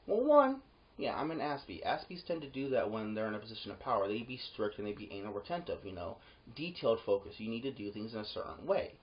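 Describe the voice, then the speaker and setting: Speaking quickly in a sing-song way, a yard gate security guard loosely recounts a story from work. The pitch jumps up when the tale heats up and falls low on the asides, all captured in dull, lo-fi sound.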